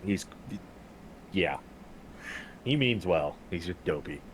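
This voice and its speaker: A man's voice: deep voice, animated, slow pace, slight background noise. A man playing a tabletop game who makes dry, joking asides. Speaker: player. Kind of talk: casual tabletop play.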